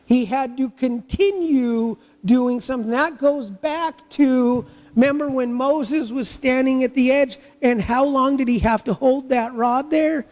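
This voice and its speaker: A man with a strikingly high voice delivers a sermon as pastor, leaning on rhetorical questions and playing out people's inner thoughts. His voice rings through a church with a long, trailing reverb. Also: measured pace, hardly any pauses, a little mellow.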